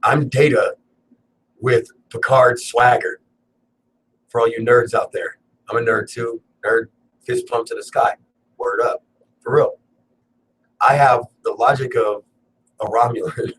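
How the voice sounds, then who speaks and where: A man's voice: mid-range voice, fairly even intonation, unhurried, long pauses, a bit bright, recorded from a distance, low-quality recording. A young man hosting a casual solo talk show, rambling and joking and swearing freely. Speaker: cannabis talk show host. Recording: faint background noise, a bit off-mic.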